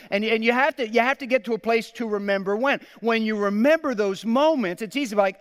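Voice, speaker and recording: A male pastor in his thirties delivers a sermon in a fairly high, smooth, resonant voice. He is earnest and personal, often stumbling over repeated words before he lands a point. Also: fast talker, hardly any pauses, a bit bright, big-room sound.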